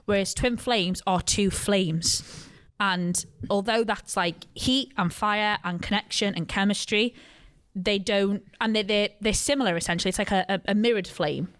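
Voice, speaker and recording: A woman's voice: medium pitch, normal speed, few pauses, fairly bright tone. A woman co-hosting a podcast, explaining things in chatty casual talk. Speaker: podcast co-host. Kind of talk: casual chat.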